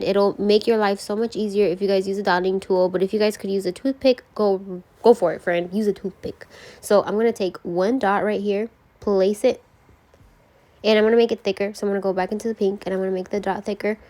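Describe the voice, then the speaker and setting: A woman's voice: medium pitch, a little mellow. Bubbly, chatty young woman vlogger. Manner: bubbly, gushing, chatty, addresses viewers as friend. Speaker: beauty vlogger. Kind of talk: casual nail tutorial.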